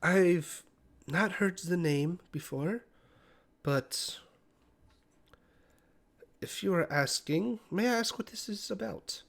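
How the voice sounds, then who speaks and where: A man voicing a calm female tentacled creature who looks after children, speaking in a polite, measured, wary way. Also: high-pitched, creaky, pitched above the performer's own voice, full character voice. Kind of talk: tabletop role-play voice.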